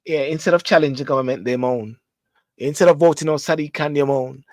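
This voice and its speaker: A man's voice: on the high side, steady tone, fairly quick, dry recording. A man who grew up in Jamaica, with a Jamaican accent, hosting a show with a casual, rambling monologue full of restarts and repetition. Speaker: host. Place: London.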